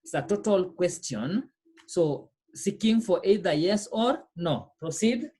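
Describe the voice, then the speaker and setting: A woman's voice: on the low side, animated, measured pace, mellow, slightly rough. A woman teaching a French lesson, explaining patiently, repeating phrases and checking that students follow. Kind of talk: online class lesson.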